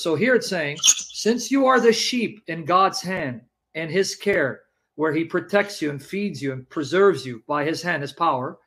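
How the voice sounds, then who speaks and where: Guy arguing hard in a debate, high voice, keeps pushing and reading verses. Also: a bit bright, poor audio. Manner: pressing, insistent, reads scripture aloud. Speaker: Christian debater. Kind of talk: live debate.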